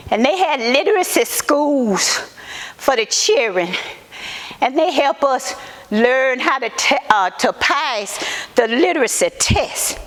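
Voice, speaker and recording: Actress doing a woman activist, slow high voice, halting earnest testimony in an echoey hall. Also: a bit bright, full character voice. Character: Southern Black woman civil rights activist testifying. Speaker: actor in museum portrayal. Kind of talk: first-person historical monologue.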